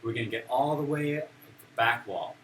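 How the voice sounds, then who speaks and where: A man's voice: mid-range voice, normal speed, fairly bright tone. A male teacher leading a classroom of young children, playful and encouraging as he acts out emotions. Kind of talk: classroom teaching of simple English. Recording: distant mic with room noise.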